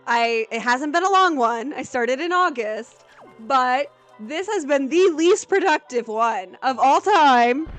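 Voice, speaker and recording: Woman streamer, high and unhurried, excitable chatter over faint game music. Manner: excitable, jumps into high-pitched exclamations, then goes flat and deadpan. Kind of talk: casual live gameplay commentary.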